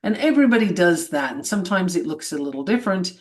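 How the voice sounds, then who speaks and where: A woman's voice: on the low side, very animated, fast talker, a little mellow. A woman co-hosting a podcast in free-flowing, enthusiastic casual chat, speaking as a self-described witch. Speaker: podcast co-host.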